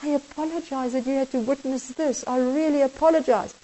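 A woman's voice: high voice, steady tone, brisk, warm tone, a little hiss or hum, lightly acted, poor audio. Pleading, guilty businessman, put on by a South African woman in a sermon. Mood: apologetic. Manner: pleading and apologetic.

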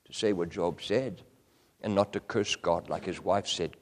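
A man preaching a sermon with passion, moving between loud cries and hushed whispers. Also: low voice, steady tone, measured pace, in a large hall.

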